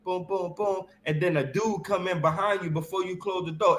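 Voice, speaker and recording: A man hosting a casual Bible discussion, slangy and animated, constantly checking in with "right?". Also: high voice, normal speed, hardly any pauses, roomy sound, slight background noise.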